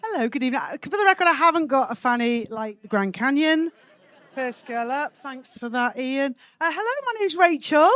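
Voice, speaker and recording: A woman from Wales performing a cheeky stand-up set, landing punchlines deadpan on a comedy club stage. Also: high voice, normal speed, no echo.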